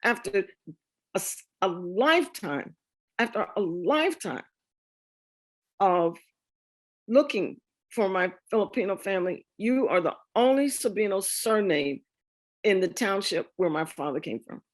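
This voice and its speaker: Animated woman telling a family story. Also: medium pitch, unhurried, pauses often. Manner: lively, laughs often, acts out quoted dialogue. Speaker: speaker sharing a family memoir. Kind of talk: storytelling talk with slides.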